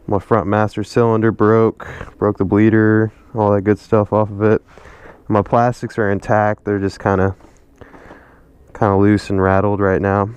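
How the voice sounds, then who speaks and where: A man's voice: lowish voice, a little mellow, smooth, no echo. A man chatting casually in a slangy, laid-back way as he narrates a vlog from his garage workshop. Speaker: motorcycle vlogger.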